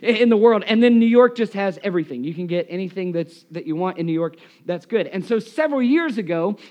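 A man with a high voice preaches to his congregation. He is losing his voice and sounds hoarse. He tells lively, self-mocking stories into a live microphone in a church. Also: quick pace. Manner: animated, self-deprecating storyteller. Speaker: pastor. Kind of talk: live sermon with storytelling.

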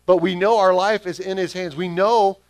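A man's voice: sits high, fairly even intonation, moderate pace, no room sound. A man preaching a sermon, stressing his key phrases by repeating them back to the congregation. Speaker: pastor.

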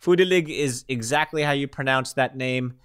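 A man's voice: medium pitch, moderate pace, a bit bright, clear, resonant tone, dry recording, studio quality. A man co-hosting a casual chat show who reads news items aloud in a jokey way and laughs as he goes. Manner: jokey, laughs while reading, mangles names on purpose. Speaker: podcast co-host.

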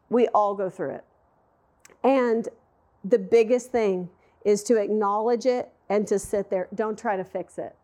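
A middle-aged woman with a drawl delivers a heartfelt sermon in a high, bright voice. She talks to the room like friends, conversational and openly emotional. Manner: emotional, conversational, addresses audience directly. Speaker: women's Bible teacher.

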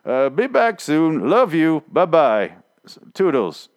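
A man's voice: a little high, very animated, slow pace, no room sound, highs cut off, pitched above the performer's own voice. A man voicing a lovesick Civil War soldier reading his letter home in a mock-sentimental, sing-song manner.

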